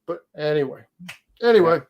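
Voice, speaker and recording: A man co-hosting a casual chat, rambling excitedly and restarting his sentences. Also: a little high, fairly quick, gravelly, highs cut off. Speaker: co-host.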